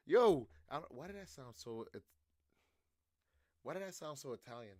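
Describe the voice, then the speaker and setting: A young man streaming, riffing loudly and casually in slang while reacting to clips. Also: a little high, moderate pace, long pauses, no echo, studio quality. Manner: loud, slangy, animated riffing.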